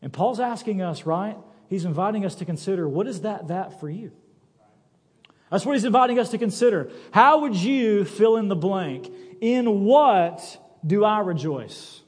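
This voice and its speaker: A male pastor preaching a sermon, telling stories with animated, acted-out quotes. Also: high voice, normal speed, husky. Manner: animated storytelling, acts out quoted voices. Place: church sanctuary. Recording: church sanctuary with long reverb.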